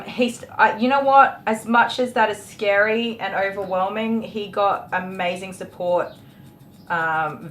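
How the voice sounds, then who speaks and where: A woman hosting a casual livestream and answering viewer questions in a chatty, openly emotional way, with frequent ums. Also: a bit bright. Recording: echoey room with faint rumble.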